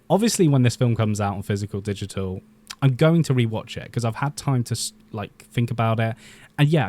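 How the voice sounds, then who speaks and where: A man hosting his own video channel, chatting casually and with strong opinions about upcoming superhero films, often pausing with "um" and restarting sentences. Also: medium pitch, a little mellow. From Britain. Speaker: YouTube film commentator.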